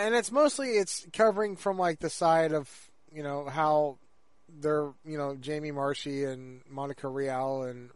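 In a recording with no room sound, a male podcast co-host talks in a clear, resonant, medium-pitched voice. It's a casual chat, and he rambles along with frequent restarts and fillers.

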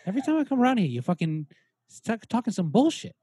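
A man's voice: high-pitched, big pitch swings, quick pace, mellow, breathy edge, dry recording, studio quality, voice pushed up, full character voice. A man putting on a profane, swaggering Boston tough-guy impression with a put-on Boston accent. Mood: belligerent. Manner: swaggering, profane, aggressive street talk.

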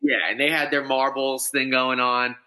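A man talking sports on a podcast, with a strikingly bright, sharp tone. He rambles with excitement, restarting sentences as his thoughts run ahead. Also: medium pitch, normal speed. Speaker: podcast co-host. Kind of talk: casual sports chat.

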